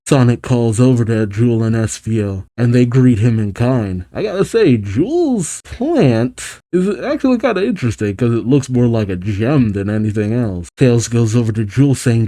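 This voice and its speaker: A man casually reading a comic aloud and reacting to it, chatty and quick to laugh. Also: medium pitch, expressive, warm tone. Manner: chatty, laughs often, narrates panels.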